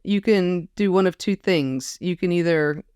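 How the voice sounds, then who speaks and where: A woman's voice: fairly low pitch, unhurried, a little mellow, clear, resonant tone, dry recording, studio quality. A woman guest in a casual conversation, reflective and storytelling, often quoting others. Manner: reflective storyteller, quotes others with put-on voices. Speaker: podcast guest.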